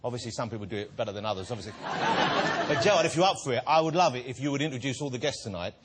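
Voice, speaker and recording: A man hosting a TV chat show in front of a studio audience, playful and teasing, with soft r sounds that blur toward w. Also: mid-range voice, animated. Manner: playful, teasing, quick to laugh. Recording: loud studio audience and noise.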